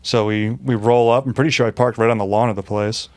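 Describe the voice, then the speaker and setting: A man's voice: mid-range voice, fairly even intonation, fast, darkish tone. Profane laughing man telling wild stories. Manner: profane, laughing, acts out quotes in raised voices. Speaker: podcast guest. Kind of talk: casual storytelling.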